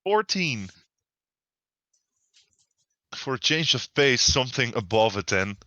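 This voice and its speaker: A man's voice: mid-range voice, very animated, bright, forceful tone, dry recording, clean studio sound. A man playing a tabletop game, casual and playful, cracking jokes and laughing easily. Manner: joking, playful, quick to laugh. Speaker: player.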